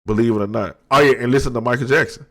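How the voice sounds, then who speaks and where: A man in his thirties talking slowly and candidly into the mic at his desk, reflective and low-key, with slang and many restarts. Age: 30s. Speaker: podcast host. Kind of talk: candid personal monologue.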